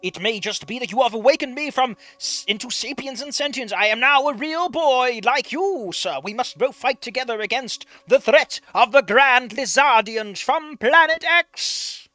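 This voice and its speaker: A streamer voicing a flattering AI chatbot that heaps courtly praise on the user. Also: high-pitched, normal speed, few pauses, no room sound, voice pushed up. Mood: fawning. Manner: gushing, over-the-top courtly praise. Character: fawning flattering AI chatbot, endlessly eager to please. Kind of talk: mocking impression while streaming.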